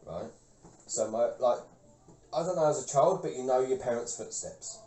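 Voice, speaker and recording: A man co-hosts a casual podcast, telling stories while swearing often and laughing his way through them. His voice is medium-pitched and mellow at a normal speed, captured off-mic in an echoey room.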